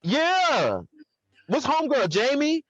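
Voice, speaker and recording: A man, an interview guest who owns a restaurant, talking in an earnest, reflective way with bursts of lively laughter. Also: extremely high pitch, slow pace, dry recording. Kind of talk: casual conversational interview. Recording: slightly dull, dry sound.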